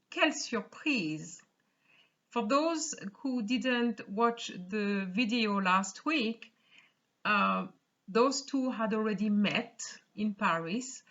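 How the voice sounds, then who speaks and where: A woman teaching a beginner French lesson in English, speaking very slowly with a bright, clear tone. She reads out short French phrases and explains each one patiently, often pausing to ask "okay?" The recording sounds slightly dull and lo-fi. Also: medium pitch. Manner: reads French dialogue lines then explains them in English, with many "okay?" checks. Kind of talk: slow explanatory language lesson.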